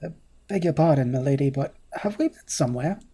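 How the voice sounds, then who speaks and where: A gamer reads voice-acted game dialogue as a timid, apologetic young man from a fantasy game, stammering in formal, old-fashioned speech. The delivery is flustered, expressive and brisk, in a mid-range voice with a dark, husky tone.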